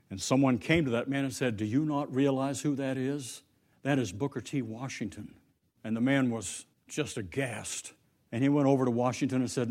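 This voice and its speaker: A man's voice: medium pitch, a little mellow. A man preaching a sermon, telling a story and lifting his voice for the quoted lines.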